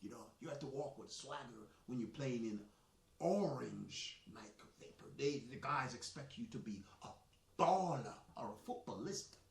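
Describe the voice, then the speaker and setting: A man's voice: medium pitch, normal speed, creaky. A man with a Jamaican accent hosting a soccer live stream, talking in a chatty, boastful, rambling way. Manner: animated, boastful, chatty with restarts. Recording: echoey room, mic at a distance.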